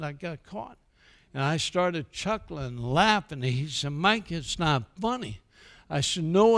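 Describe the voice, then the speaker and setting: An older American man speaking at a church, telling stories and acting out the quoted dialogue before turning to a sermon-like message. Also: on the high side. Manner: animated storyteller who acts out quoted dialogue. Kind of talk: storytelling speech with a sermon tone.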